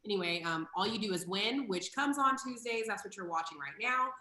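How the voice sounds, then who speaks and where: A brash, playful woman co-hosts a comedy stream with a bright, sharp voice. She jokes at her own expense while plugging shows and donations, and the room behind her rings with a roomy echo. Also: mid-range voice, lively intonation, fairly quick. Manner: brash, playful, self-deprecating. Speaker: comedy show co-host. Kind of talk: casual comedic banter and show plugs.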